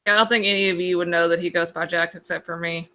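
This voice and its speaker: Female player, low and bright, hedging, thinks aloud. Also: steady tone, fast talker. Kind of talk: casual tabletop chat.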